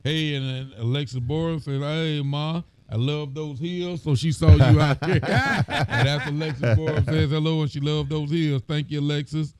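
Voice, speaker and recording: A man's voice: fairly high pitch, steady tone, moderate pace, darkish tone, clear, resonant tone. A man, a sheriff hosting a casual live show, reading out and greeting viewers' comments by name.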